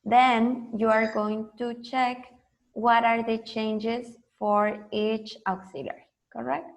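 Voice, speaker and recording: A woman teaching grammar slowly and patiently, repeating examples for her students. Her voice sits fairly high with a gravelly edge. She explains at an unhurried pace. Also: level tone. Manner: slow, patient, drills pronunciation with students. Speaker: English teacher. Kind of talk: online language lesson.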